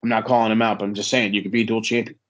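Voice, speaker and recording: A man hosting a podcast, casually plugging upcoming shows and social accounts with quick asides. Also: fairly low pitch, flat delivery, a bit bright. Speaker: podcast host.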